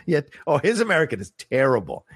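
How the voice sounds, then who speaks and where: A man co-hosting a podcast in casual chat, animated and swearing casually. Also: on the high side, fast talker, breathy edge, no room sound, studio quality. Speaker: podcast co-host.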